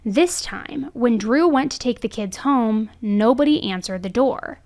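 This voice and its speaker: Chatty high-voiced woman telling true crime. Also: expressive, unhurried, darkish tone. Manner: chatty, leaning on "right?" and "I mean". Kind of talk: conversational true crime narration.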